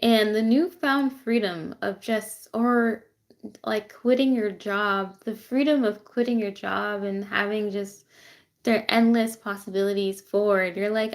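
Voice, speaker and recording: Chatty, excitable woman reading tarot. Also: medium pitch, measured pace. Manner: chatty and excitable, with frequent fillers and asides. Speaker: tarot reader. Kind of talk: casual tarot reading for viewers. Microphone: phone on a tripod.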